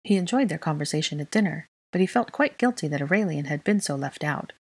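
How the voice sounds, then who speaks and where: A woman narrating fan fiction in a steady, even reading style. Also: low voice, fast, breathy edge, no echo. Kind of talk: storybook narration.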